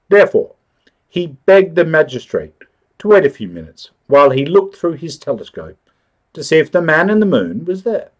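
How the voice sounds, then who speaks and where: A man reading a children's-style story aloud for English learners, expressive and clear. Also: mid-range voice. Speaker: story narrator.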